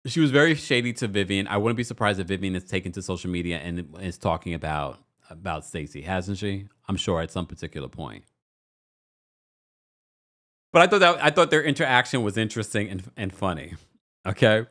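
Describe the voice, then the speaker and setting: A man's voice: low voice, fairly quick. A man hosting a casual reality TV recap, commenting and acting out the cast's lines in mocking voices. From United States. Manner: animated, acts out quotes in mocking voices.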